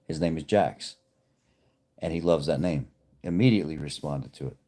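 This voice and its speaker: Speaking from home with his pets nearby, a livestream host tells his viewers a rambling, heartfelt story in a casual, folksy manner. His voice is extremely low and warm, and he talks at a normal speed.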